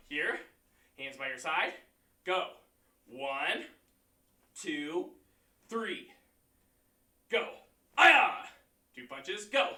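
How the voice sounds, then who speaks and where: A man teaching a martial arts class online, counting out moves, shouting kiai and giving encouraging pep talks. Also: on the high side. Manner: encouraging, pep-talk delivery. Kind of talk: leading a livestream class. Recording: echoey room, voice far from mic.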